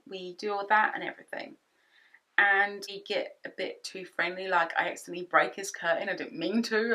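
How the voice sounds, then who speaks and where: A woman's voice: mid-range voice, low-quality recording. A British woman in her twenties telling a personal story in a storytime vlog, acting out both sides of the conversations. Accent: British English. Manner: animated storyteller, acts out both sides in quotes. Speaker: vlogger. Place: home office. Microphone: camera-mounted shotgun mic.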